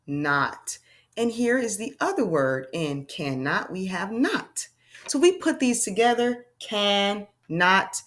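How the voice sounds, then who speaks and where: A woman teaches phonics to young children, patiently sounding out letters and clapping out syllables. Her voice is animated and swings widely in pitch as she encourages her listeners.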